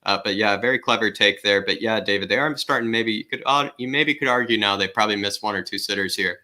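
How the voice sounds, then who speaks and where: Guy co-hosting a footy watchalong, lowish voice, bright edgy tone, breaks down the play. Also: quick pace. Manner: analytical, keeps addressing the host by name. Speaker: co-host and pundit. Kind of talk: live football watchalong chat.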